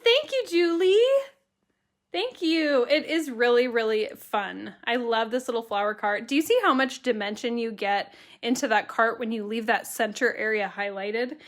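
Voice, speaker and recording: A woman with a slightly high, expressive voice speaks at normal speed while teaching a watercolor stamping tutorial on a live stream. Bubbly and chatty, she laughs through her words and reads viewer comments aloud as she talks with them.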